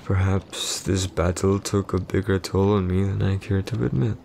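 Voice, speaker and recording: A man voicing a possessive, jealous warrior husband in a whispered role-play, curt and irritated, speaking low and close. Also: fairly even intonation, normal speed, creaky, darkish tone, a little hiss or hum. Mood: grudging. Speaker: voice actor in a boyfriend roleplay.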